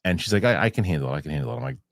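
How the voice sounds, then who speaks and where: A man's voice: a bass voice, lively intonation, racing, no room sound, clean studio sound. A man hosting a casual movie chat show, talking. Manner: rambling with many restarts. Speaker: host.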